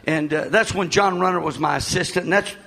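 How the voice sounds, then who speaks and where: A man, preaching a sermon as pastor in a folksy way, often shouting and repeating himself. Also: sits high, brisk, gravelly.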